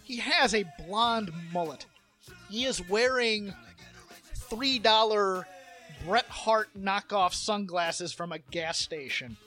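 A man co-hosting a podcast, rambling and animated as he tells stories and does quick impressions. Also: sits high, soft background music. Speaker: podcast co-host. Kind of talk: casual chat.

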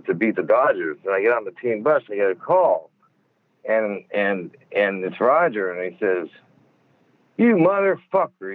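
A man telling stories as an interview guest over the phone from a car, swearing a lot and rambling with many fillers. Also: on the low side. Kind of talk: storytelling interview. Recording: tinny phone line.

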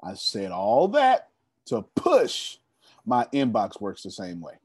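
A young man's husky, fairly low voice swings hugely in pitch as he speaks slowly, leading a members' meeting with preachy, emphatic motivational stories aimed straight at his listeners. It's a studio-quality recording with no room sound.

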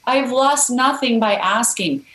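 A woman's voice: fairly high pitch, unhurried, fairly bright tone, echoey room, low-quality recording. A woman guest author telling a story in a podcast interview, earnest and encouraging.

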